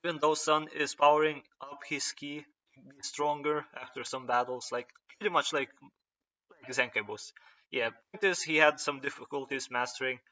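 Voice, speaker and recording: A young man rambles through a casual story recap, pausing often to find his words. His voice sits a bit high and sounds bright and forceful. The recording is dull and lo-fi. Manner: rambling, hesitant, many "uh" and restarts. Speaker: fan retelling a story.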